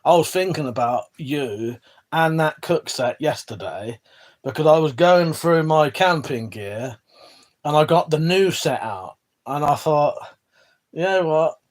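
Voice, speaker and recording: Reading viewer chat in a casual livestream, an English man talks a little slowly in a slightly high, expressive voice. The indoor setting features a weapon collection wall, and his loose chatter is peppered with swearing and sentences he abandons partway.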